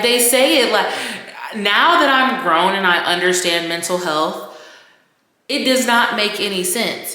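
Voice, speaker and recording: Woman, podcast rant, candid and profane, a little tipsy, unhurried, long room reverb. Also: mid-range voice, sharp tone. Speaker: podcast host. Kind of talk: casual rant monologue. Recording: roomy echoey room.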